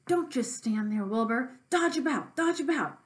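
A woman voicing a bossy, excited goose who shouts quick orders while she reads a storybook aloud. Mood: urgent. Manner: shrill, urgent, rapid-fire commands.

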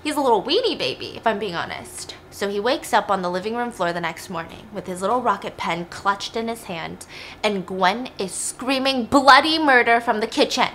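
Bright, chatty young woman storyteller. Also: mid-range voice, lively intonation, moderate pace, slight background noise. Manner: chatty, emphatic, wry asides. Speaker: storytelling vlog host. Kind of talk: casual true crime storytelling.

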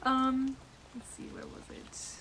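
A young woman with a slightly high voice talks slowly through a casual unboxing vlog, amazed and rambling, full of restarts and fillers. She records at home on a camera mic set on a tripod. A faint room hum sits underneath. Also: monotone, fairly bright tone. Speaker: plush maker and vlogger.

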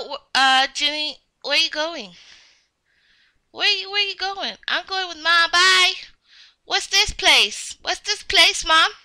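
A woman with a very high, piercingly bright voice, doing a game role-play as a child. She whines and gets excited the way a little kid does, and her delivery is slow and drawn out. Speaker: game video creator.

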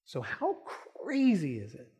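Animated, high-voiced male pastor. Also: a little slow, breathy edge. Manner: animated, joking storytelling. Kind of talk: sermon. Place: church auditorium.

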